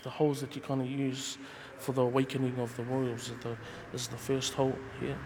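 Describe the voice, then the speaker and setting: A man from Tonga, a nose flute player, calmly explaining his instrument in an interview with lots of ums and uhs. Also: medium pitch, a little fast. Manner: calm, explaining with many fillers. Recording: echoey with clear background noise.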